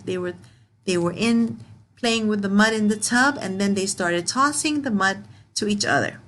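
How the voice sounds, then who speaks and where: A woman teacher reading a picture book aloud to young learners, explaining words slowly and asking questions. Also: mid-range voice, fairly bright tone. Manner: slow, repeats and explains words, asks questions.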